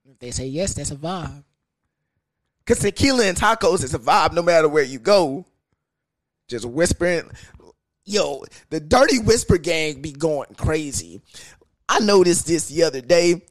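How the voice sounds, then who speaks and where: A young man hosting a podcast, talking in a crude, animated, comedic monologue that keeps jumping into high sing-song bits. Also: measured pace, pauses often, no room sound. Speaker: podcast host.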